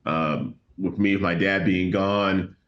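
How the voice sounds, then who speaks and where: A middle-aged man co-hosting a music reaction channel, reading viewer comments in an earnest, measured way with dry sarcasm. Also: deep voice, fairly even intonation, a bit bright. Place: home, remote from co-host. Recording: muffled lo-fi sound.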